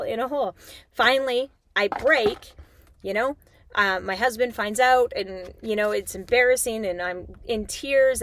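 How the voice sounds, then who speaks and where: A middle-aged woman giving an animated, chatty spiritual talk as a tarot reader, swearing casually as she addresses her viewers. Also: a little high.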